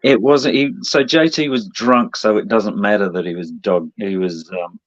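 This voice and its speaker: A man's voice: on the low side, moderate pace, dry recording, highs cut off. A man in a heated online voice chat, confrontational and sneering, swearing constantly. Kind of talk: angry live-stream argument.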